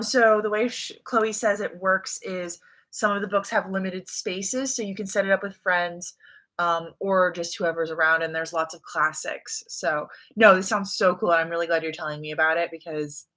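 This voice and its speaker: Her voice fairly low and her pace moderate, a young woman from the United States hosts a casual reading livestream. She keeps things relaxed and conversational while reading viewers' messages out.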